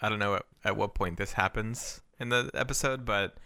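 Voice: medium pitch, brisk, bright, forceful tone. A podcast co-host in casual comedic chat, retelling scenes with laughter and hesitations.

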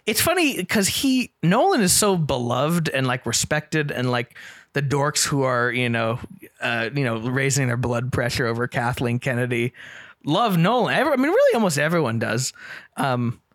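A man talking movies with a friend on a podcast, lively and full of false starts. His mid-range voice sits close to the mic in a dry, dead room. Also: medium pitch, normal speed, no echo. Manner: animated, many restarts, quotes lines in put-on voices. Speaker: podcast co-host. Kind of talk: casual film discussion.

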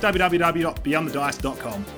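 An Australian man with a slightly high voice, chatting loosely as he plugs the show's website. He laughs through his words, with music clearly audible behind him. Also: expressive, moderate pace. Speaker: podcast player. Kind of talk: casual podcast plug.

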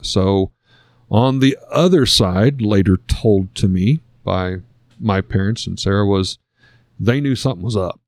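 A man's voice: on the low side, a little slow, a little mellow, no echo, clean studio sound. A middle-aged man in an interview, telling a personal story in an earnest, reflective, conversational way. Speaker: guest sharing a personal story.

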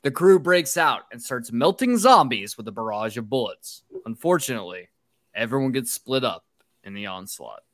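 A man's voice: mid-range voice, very animated, moderate pace, fairly bright tone, no room sound. Wry man recapping a movie, dry mic. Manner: wry, sarcastic asides while summarizing plot. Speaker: podcast co-host. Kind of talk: casual chat recapping a film.

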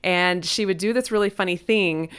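A woman's voice: normal speed, smooth. Woman telling a family story with voices. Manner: animated, acts out voices with sudden high-pitched quotes. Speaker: parent telling a personal story. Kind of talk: casual personal storytelling.

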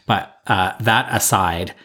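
Podcast co-host, male, lowish voice, loose rambling recap talk with lots of fillers. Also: slow pace, bright, forceful tone. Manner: rambling, thoughtful, many fillers. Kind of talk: casual recap chat.

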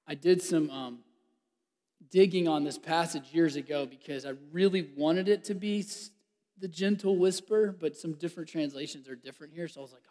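A man preaching a sermon. He acts out the scripture with laughs and drops into a hushed voice at times. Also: a little high, normal speed. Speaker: pastor. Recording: long hall reverb.

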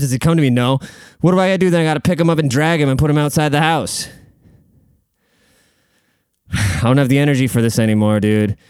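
A man's voice: mid-range voice, darkish tone, smooth, dry recording, clean studio sound. A man hosting a casual solo podcast from a room at home, rambling bluntly and swearing freely. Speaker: podcast host.

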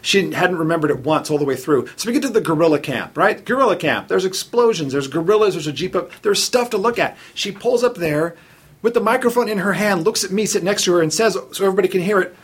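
A man telling a long, funny story in casual conversation, animated and self-mocking, laughing at his own jokes. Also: high voice, quick pace, slightly rough. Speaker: storyteller on a chat show.

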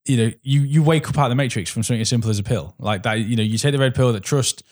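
A man's voice: medium pitch, rapid-fire, darkish tone. A man chatting casually about films, sharing trivia and laughing often. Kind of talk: casual film chat.

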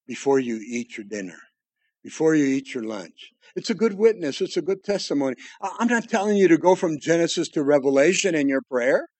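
High-voiced older male pastor, folksy. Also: no room sound. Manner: folksy, joking asides, dynamic swings from loud to hushed. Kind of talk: sermon.

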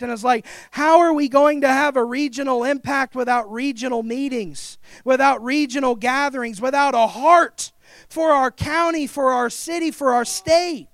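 Guy pastor preaching hard, really high voice, dry sound, gets shouty. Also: vocal fry, no room sound. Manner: fervent preaching, building to shouts. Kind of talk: sermon.

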